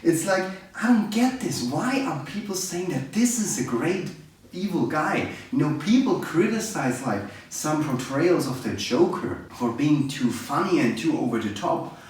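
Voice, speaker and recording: A man's voice: on the high side, expressive, unhurried. A man reviewing a film in a casual, sarcastic, exasperated rant. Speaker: movie reviewer. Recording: very echoey room, distant mic.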